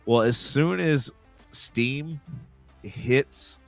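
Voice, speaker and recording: A man's voice: mid-range voice, drawn-out words, vocal fry, soft background music. A man co-hosting a casual podcast. He has a stuffed-up nose, swears freely, laughs often and rambles through side stories. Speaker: podcast co-host. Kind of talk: casual chat.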